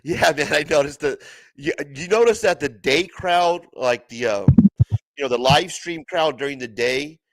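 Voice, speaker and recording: A man's voice: on the high side, moderate pace, fairly bright tone, no room sound. A middle-aged man hosting a livestream, chatting casually, swearing and laughing often. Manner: laughing often, profane, says bro and brother. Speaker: livestream host. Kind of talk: casual chat.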